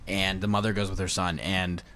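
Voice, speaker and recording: A man's voice: low voice, brisk. A man co-hosting a podcast, retelling movie scenes in casual chat and acting them out. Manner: animated storyteller who acts out scenes in voices. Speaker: podcast co-host. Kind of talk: casual chat recapping a film.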